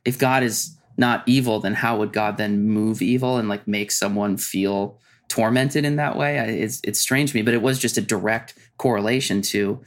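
A man in casual conversation, speaking hesitantly with frequent pauses and restarts. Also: fairly low pitch, steady tone. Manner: hesitant, many fillers and restarts. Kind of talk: casual chat.

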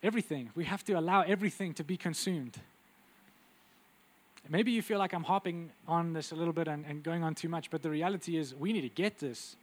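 A man preaching a sermon with intense, urgent delivery that drops to quiet, intimate asides. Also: on the high side, fairly quick.

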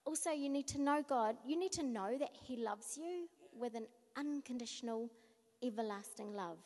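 A woman's voice: fairly high pitch, animated, normal speed, a little mellow. Earnest woman giving a short talk in a hall. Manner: earnest, searching, drops to a near whisper. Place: church hall. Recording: echoey hall with long reverb.

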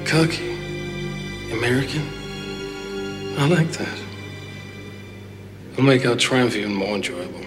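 A villainous hockey coach , played by an actor, taunts his rival in slow, deliberate, menacing words. His lines come from a film clip with loud music swelling underneath. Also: medium pitch, lively intonation, close to an everyday voice. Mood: cold taunting. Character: cold, cocky male villain hockey coach.

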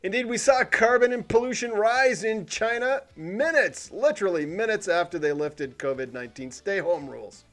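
A man hosting a weekly commentary show, talking in a sarcastic, cynical tone with animated emphasis. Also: high voice. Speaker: podcast host. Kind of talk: sardonic commentary monologue.

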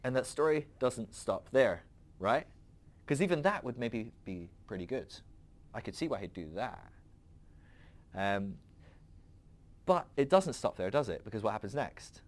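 A man's voice: on the low side, lively intonation, normal speed, pauses often. A man hosting a podcast, talking through a rambling, conversational philosophical monologue with frequent asides to the listener. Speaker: podcast host.

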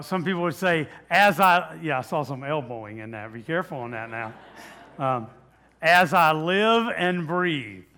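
A man's voice: mid-range voice, a bit bright. A man preaching a sermon as pastor, in a conversational way with many fillers and restarts, asking the audience questions.

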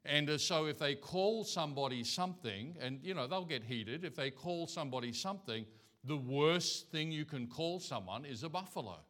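Bright-voiced man preaching a sermon. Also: a little high, animated, normal speed. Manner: anecdotal, folksy storytelling. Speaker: pastor. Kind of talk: conversational sermon. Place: church.

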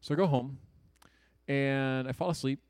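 A man in his thirties telling a personal story to an audience in an earnest, conversational way, with quick jokes and hushed asides. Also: mid-range voice, steady tone, smooth, no room sound. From Ohio, USA.

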